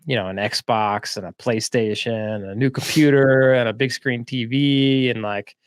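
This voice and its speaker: A man hosting a podcast, telling a story in a relaxed, chatty way with lots of "like" and "right?". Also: mid-range voice, unhurried, smooth, no room sound, studio quality. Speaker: podcast host. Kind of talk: casual storytelling. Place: lives in Florida.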